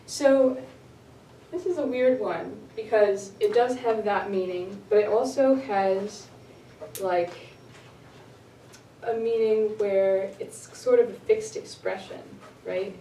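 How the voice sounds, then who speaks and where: A woman's voice: medium pitch, slow, warm tone. A woman teaching an English class, putting short questions to her students and laughing often. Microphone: camera far from the speaker. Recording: echoey noisy classroom from far off.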